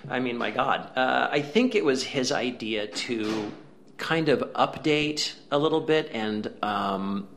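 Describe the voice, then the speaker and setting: A man co-hosting a casual film review chat, chatty and amused, often pausing on fillers. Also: mid-range voice, lively intonation, fairly bright tone, a little hiss or hum. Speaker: film critic co-host.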